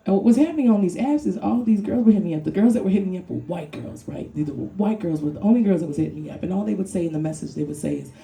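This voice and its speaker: A woman's voice: lowish voice, expressive, rapid-fire, gravelly, hardly any pauses, dark tone. A woman from Brooklyn doing a stand-up comedy set on a club stage, brash and profane, laughing through her punchlines. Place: comedy club with live audience.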